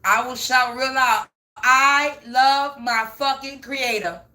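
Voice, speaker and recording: A spiritual reader with a high, bright, forceful voice speaks slowly to camera in an unscripted ranting monologue. She's profane and emphatic, stressing her points by repeating herself.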